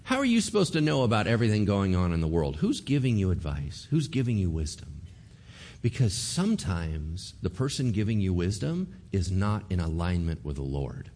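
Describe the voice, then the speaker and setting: A man preaching a sermon as pastor, animated, acting out voices and asking rhetorical questions. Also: low-pitched, moderate pace.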